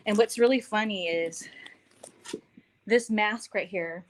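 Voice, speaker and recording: A woman's voice: mid-range voice, slow, a little hiss or hum. A woman chatting casually on a show through a phone from her home garage, out of breath, laughing a lot and mocking herself. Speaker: show co-host. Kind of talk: casual chat.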